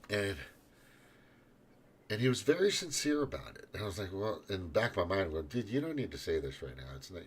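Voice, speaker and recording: A man's voice: low voice, a little hiss or hum. A man hosting his own podcast in a rambling, profane monologue full of restarts. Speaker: podcast host.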